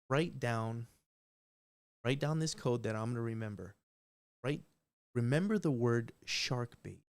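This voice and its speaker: A man talking live on a stream, rambling and emphatic, swearing often and restarting his sentences. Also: mid-range voice. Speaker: livestream host. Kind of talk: unscripted live stream rant.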